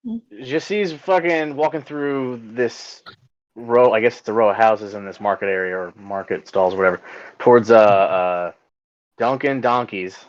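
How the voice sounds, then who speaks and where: A man describing his character's moves in a tabletop game, rambling and filling gaps with "uh". His voice sits at a middle pitch. It comes through a dull, lo-fi mic. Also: a little slow, no room sound. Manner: rambling, filler-heavy. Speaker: player.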